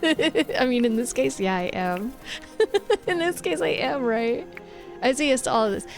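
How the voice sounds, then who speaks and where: Her voice is high and animated, a little slow, over soft background music. She's a young Twitch streamer chatting casually with her viewers live, bossy and laughing, acting out what people say.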